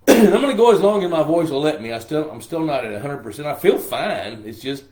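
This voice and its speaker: A man's voice: a little high, lively intonation, brisk, a little mellow. Older male live-stream host, scratchy throat, folksy and joking, echoey room. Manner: folksy and joking, greets viewers by name. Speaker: pond management show host. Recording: roomy echo.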